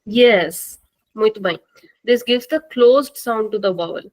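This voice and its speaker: A woman teaching a live online language class, slow and patient, repeating words for the students to drill. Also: a little high, rough recording.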